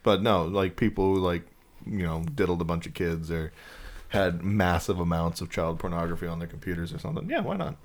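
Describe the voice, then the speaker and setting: A man's voice: low voice, animated, a little fast. A man co-hosting a podcast, chatting casually and telling crude, laughing stories. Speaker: podcast co-host. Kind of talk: casual chat. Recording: quieter mic, some distant bits.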